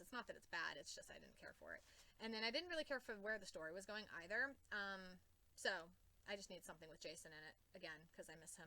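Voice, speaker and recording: A woman rambling casually as a comics vlogger, excitable and gushing, swearing often and full of fillers. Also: mid-range voice, rough recording.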